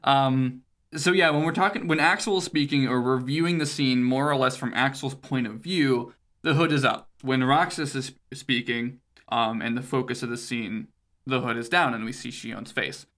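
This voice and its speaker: A man's voice: mid-range voice, normal speed, fairly bright tone. A man co-hosting a podcast, recapping a video game's story in casual chat, rambling, swearing and laughing often. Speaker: podcast co-host.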